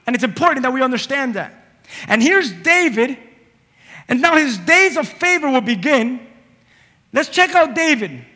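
A male preacher with a very high, bright and forceful voice delivers a lively sermon. He keeps calling on the crowd to respond. The sound rings with a long hall reverb. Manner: energetic, playful, calls for audience response.

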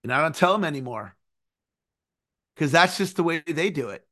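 A man in his forties giving an earnest, animated motivational lesson, sometimes singing a phrase. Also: a little high, normal speed. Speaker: success coach. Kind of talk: motivational teaching talk.

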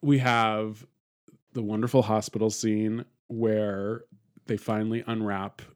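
Chatty male podcast host, casual film talk, rambling and quick to laugh. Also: on the low side, level tone. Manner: rambling, laughs often, many fillers and restarts.

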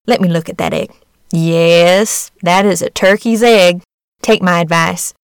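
A woman's voice: fairly low pitch, measured pace, smooth, no room sound, studio quality. A woman voicing an old, know-it-all duck in a storybook reading, giving knowing advice.

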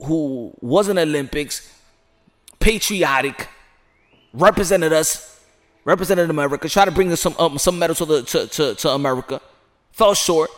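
Man, high voice, excited rambling commentary, outdoors. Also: moderate pace, long pauses. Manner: rambling, animated, repeats himself, with outbursts. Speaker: sports commentary vlogger.

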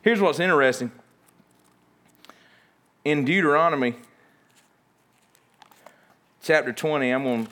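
A man preaching a sermon, telling stories in an animated, folksy way. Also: medium pitch. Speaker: pastor.

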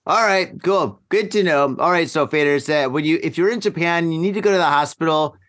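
A man's voice: a little high, fairly quick, fairly bright tone. A man hosting a podcast in casual chat, joking and teasing his co-hosts. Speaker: podcast host.

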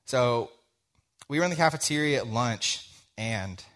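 A man's voice: medium pitch, lively intonation, unhurried, fairly bright tone. A young man giving a sermon, telling a personal story in a conversational way with plenty of quoted dialogue.

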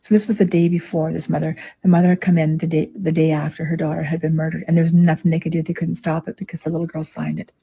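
A woman's voice: low-pitched, little pitch movement, fast talker, gravelly, hardly any pauses, dark tone, breathy edge. A woman in heated casual chat, indignant, retelling a story in a rush. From Canada. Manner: indignant, retells stories breathlessly.

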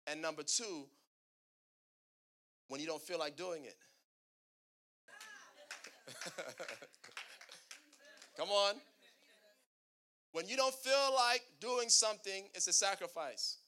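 A male pastor delivers a sermon slowly, with long pauses, in a high-pitched voice that sounds pushed and bright. He calls to the congregation for answers, and slight background noise can be heard.

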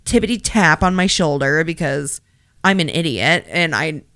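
Podcast co-host, female, casual and brash, swears a lot; smooth tone, slightly low, dry booth sound. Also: expressive, normal speed, fairly bright tone, no room sound. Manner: swears freely, storytelling with sassy asides. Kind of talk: casual chat.

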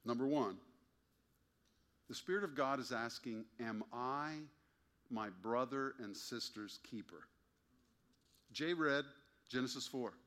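A man's voice: medium pitch, slow pace, pauses often, a bit bright. A man preaching a sermon to his congregation, emphatic and wry, often asking pointed rhetorical questions. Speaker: pastor.

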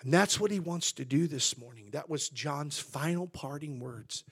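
Gravelly-voiced male pastor preaching. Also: animated, normal speed, hardly any pauses. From Southern California. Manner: swells loud and high for emphasis, then drops to hushed tones. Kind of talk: sermon.

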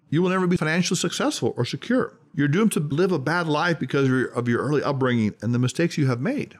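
A man hosting a self-help podcast, reading a script in an emphatic, measured way and slowing down on key words. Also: on the high side.

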